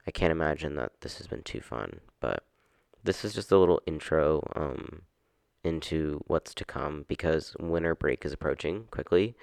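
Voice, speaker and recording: Young man, very low voice, gravelly, dry close sound, casual rambling podcast talk with swearing. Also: no room sound. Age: young adult. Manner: rambling, swearing, quickly exasperated. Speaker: podcast host. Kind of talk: casual solo podcast chat. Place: at home on a couch. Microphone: podcast microphone.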